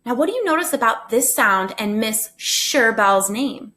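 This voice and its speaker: A woman's voice: a little high, animated, normal speed, sharp tone. Upbeat woman teaching first graders. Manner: upbeat, encouraging, chatty. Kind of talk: recorded phonics lesson for children.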